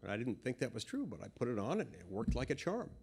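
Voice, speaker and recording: A man's voice: mid-range voice, big pitch swings, fast talker, creaky, darkish tone, slightly rough. Senator guy telling a funny story in a speech, dry self-mocking humor, middle-of-the-road voice.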